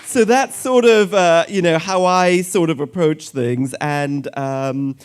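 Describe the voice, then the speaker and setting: A man's voice: a little high, slow pace, clear, resonant tone. A middle-aged man from Sri Lanka, a surgeon speaking to an audience in a light-hearted, conversational way with self-deprecating jokes.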